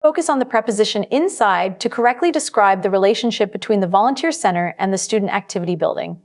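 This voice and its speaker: Woman giving measured instructional narration. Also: mid-range voice, expressive, a little mellow. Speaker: test-prep instructor.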